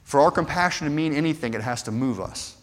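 A man preaching a sermon earnestly, moving from hushed passages to fervent, rising appeals. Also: a little high, fast. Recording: long hall reverb.

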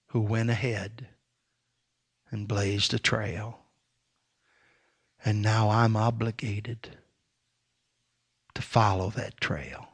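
A Baptist preacher delivering an impassioned sermon, swinging between near-shouted exhortation and hushed storytelling. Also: male voice, on the low side, gravelly, breathy edge.

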